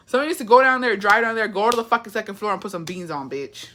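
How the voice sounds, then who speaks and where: A young woman hosting a livestream, chatting casually and reading comments. She is animated, sassy and swears often. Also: medium pitch, quick pace, hardly any pauses. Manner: animated, profane, sassy, reads chat aloud. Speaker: livestream host.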